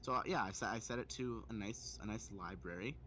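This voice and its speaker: A man's voice: lowish voice, brisk, sharp tone, slight background noise. A man playing a tabletop game, chatting casually with lots of fillers over an online voice call. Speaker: player. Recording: dull lo-fi mic.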